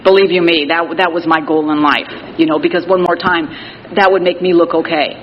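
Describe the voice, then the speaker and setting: A woman's voice: lowish voice, fairly even intonation, brisk. A middle-aged woman speaks frankly at a recovery meeting, peppering her story with "you know" and dry jokes at her own expense. Her voice rings out in a reverberant hall. The recording is a little muffled, with faint hiss underneath. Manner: candid, plain-spoken, wry self-mocking humor; frequent "you know" fillers. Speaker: Al-Anon speaker. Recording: reverberant hall, slightly dull audio with faint noise.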